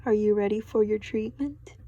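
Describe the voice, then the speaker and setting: A woman reading the gentle, reassuring lines of a kindly male doctor from a storybook, in her own voice. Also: mid-range voice, steady tone, moderate pace, dull audio, natural voice. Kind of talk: storybook read-aloud.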